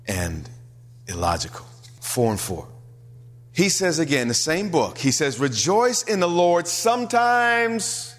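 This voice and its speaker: A man preaching a sermon as pastor, animated and full of rhetorical questions to the congregation. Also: fairly high pitch. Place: church hall. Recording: long hall reverb.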